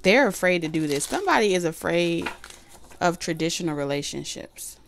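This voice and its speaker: In a lowish, gravelly voice with lively intonation, a woman does a chatty tarot reading at normal speed, loose and full of fillers. She says she's losing her voice. There's slight background noise.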